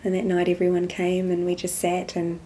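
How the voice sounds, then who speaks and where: A woman speaks as an interview guest, telling a personal story in a low, fairly even voice. Her tone is mellow and soft-spoken. She recounts events as a spiritual testimony. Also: brisk. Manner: soft-spoken storytelling, acts out quoted dialogue.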